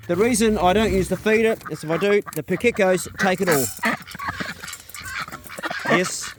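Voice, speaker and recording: A man, easygoing and chatty, talking casually in his vlog while working in a garden outdoors. His voice sits high for a man, with plenty of yeah and bro. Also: normal speed, long pauses. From New Zealand. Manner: laid-back, chatty, lots of yeah and bro. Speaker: vlogger.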